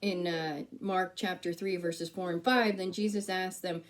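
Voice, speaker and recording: A woman with a fairly low voice preaches a sermon in a church. She talks in a relaxed, conversational way, acting out remembered exchanges and laughing at herself now and then. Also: unhurried, hardly any pauses. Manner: conversational, storytelling with quoted dialogue.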